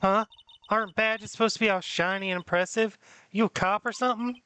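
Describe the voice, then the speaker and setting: A woman's voice: medium pitch, fairly even intonation, brisk, pushed and bright, clean tone, natural voice. A woman voicing a brash, touchy Southern woman photographer with a folksy, scolding drawl in a fan reading of a game. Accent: put-on Southern US drawl.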